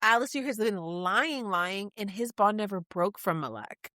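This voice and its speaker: A woman co-hosting a podcast in casual book club chat, thinking out loud about theories with many restarts. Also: mid-range voice, lively intonation, moderate pace, no room sound, clean studio sound. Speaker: podcast co-host.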